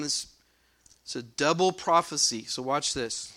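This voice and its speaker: A man preaching a sermon as pastor. He reads scripture loudly and slowly, then explains it in quick, conversational asides and asks the congregation questions. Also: fairly high pitch. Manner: addresses the congregation directly with questions. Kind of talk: expository sermon.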